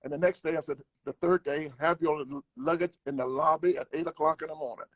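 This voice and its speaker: A man's voice: on the high side, steady tone, quick pace, a bit bright, no echo. An older man, a comedian, telling a travel story in casual conversation, acting out the people he quotes. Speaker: guest comedian.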